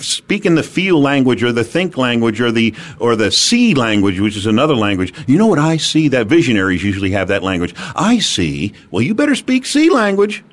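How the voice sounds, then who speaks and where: A man from the United States, an animated and emphatic storyteller, giving sales advice as an interview guest. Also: on the low side.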